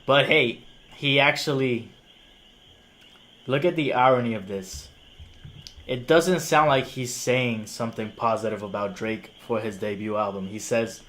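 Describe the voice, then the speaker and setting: A man's voice: medium pitch, a little slow, a bit bright. A young man whose first language is Spanish, reviewing music on a live stream and arguing with a critic in casual slang. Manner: casual slang, incredulous and argumentative.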